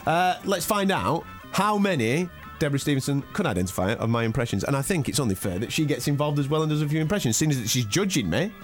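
Jokey male radio host, lively pitch. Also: quick pace, faint music behind. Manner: jokey, teasing, does silly impressions. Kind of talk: playful radio banter.

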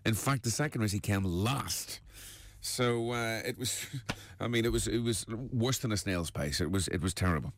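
A male breakfast radio host, telling tall tales with deadpan punchlines in a studio. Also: lowish voice, normal speed, slight background noise. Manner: lively storyteller, deadpan punchlines. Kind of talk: joke-telling radio banter.

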